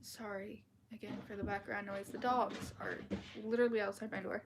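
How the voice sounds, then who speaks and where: A woman's voice: medium pitch, little pitch movement, normal speed, background noise. A woman reading a fantasy novel aloud at home on a livestream, in a casual, chatty way. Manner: casual, chatty, restarts words and apologizes. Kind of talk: live-streamed book reading with chat asides. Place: at home, dogs outside the door.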